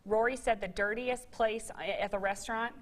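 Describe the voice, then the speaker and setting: A woman's voice: a little high, fairly even intonation, slight background noise. Chatty woman co-hosting a TV morning show. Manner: chatty, quick asides and affirmations. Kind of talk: casual studio chat. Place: local TV studio.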